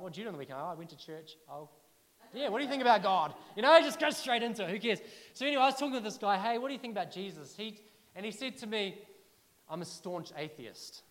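A man preaching a sermon, telling personal stories in a chatty, animated way and asking the listeners questions. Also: high-pitched, quick pace, long reverb tail. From New Zealand.

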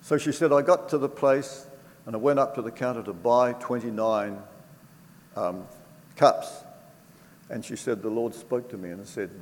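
An older man giving a personal faith testimony to an audience, telling it earnestly and from the heart, with pauses and restarts. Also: medium pitch, a little mellow. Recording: reverberant hall with faint background noise.

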